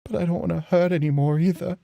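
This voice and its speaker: A woman's voice: fairly low pitch, fairly even intonation, fast, gravelly, dark tone, dry recording, muffled recording. A woman voicing a mentally unstable young male author who pleads frantically and repeats himself, with faint game music behind. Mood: panicked. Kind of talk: voicing visual novel lines.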